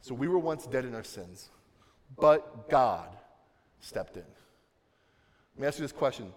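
A young man preaching a sermon, swinging from soft, low passages to loud, emphatic ones. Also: expressive, unhurried. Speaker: pastor. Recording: long reverb of a large hall.

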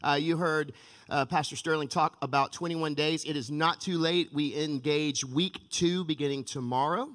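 A man pastor giving an energetic, emphatic sermon in a church sanctuary, with a long church-hall reverb. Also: fairly high pitch.

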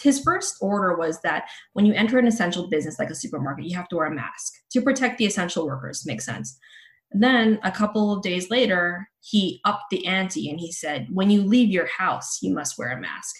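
A woman in her thirties, a journalist guest on a podcast, recounting a personal story candidly with frequent casual fillers over a remote call. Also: lowish voice. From Los Angeles.

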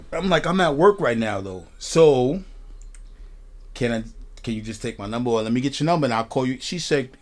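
A podcast host with a medium-pitched voice, speaking at normal speed and pausing often, tells a story animatedly on his casual talk show. He swears freely and keeps asking "you know what I mean".

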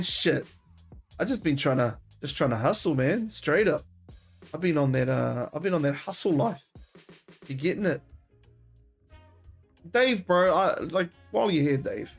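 Brief: New male streamer, slangy and excitable, swears freely, voice that jumps all over the place, faint music playing underneath. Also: on the high side. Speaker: streamer taking call-ins. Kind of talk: casual chat.

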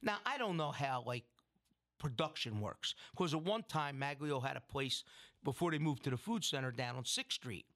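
A man's voice: medium pitch, expressive, normal speed, fairly bright tone. A middle-aged man, a restaurant owner telling a long story in an interview. He rambles, restarts his sentences and acts out what people said. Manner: rambling, with restarts and acted-out quotes. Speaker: restaurant owner and food entrepreneur.

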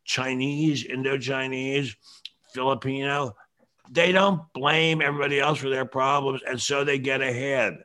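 An older man talks through a casual opinion podcast. He lectures in a long, opinionated monologue. His throat sounds bronchial, and he has to clear it now and then. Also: mid-range voice, fairly even intonation, measured pace, sharp tone. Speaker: show host.

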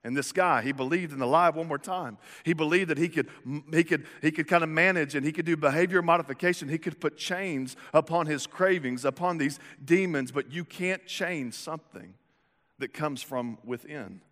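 Man, pastor preaching, animated, jokey, bright voice, long hall echo. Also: a little high, normal speed. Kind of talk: sermon. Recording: echoey hall reverb.

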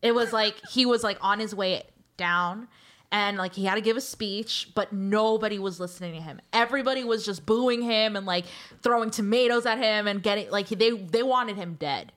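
A woman's voice: medium pitch, normal speed, a bit bright. A woman co-hosting a casual podcast, explaining things in a chatty way full of "like" and "um.". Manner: chatty explaining, heavy use of "like" and "um". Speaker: podcast co-host.

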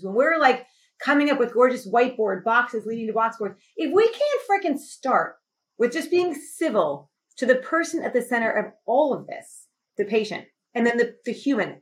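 A woman's voice: fairly high pitch, fairly bright tone, low-quality recording. Impassioned woman telling a story. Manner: emphatic, rising to impassioned intensity. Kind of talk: passionate conversational storytelling.

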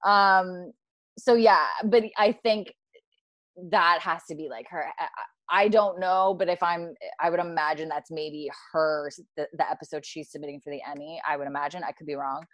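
A woman's voice: deep voice, normal speed, dry recording. Chatty woman hosting a fan talk. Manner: animated, acts out quoted lines. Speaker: podcast host. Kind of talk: casual fan discussion.

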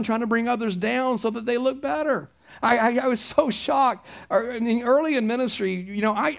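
A man's voice: high voice, vocal fry. A middle-aged man, preaching a conversational sermon in a church, anecdotal and emphatic. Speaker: pastor.

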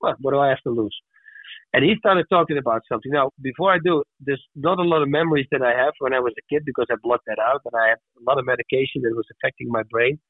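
A man's voice: medium pitch, quick pace, slightly rough, dry recording. Man telling stories over a tinny line. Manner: animated storyteller who acts out voices. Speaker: podcast guest. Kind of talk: casual storytelling. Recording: tinny phone-like dry sound.

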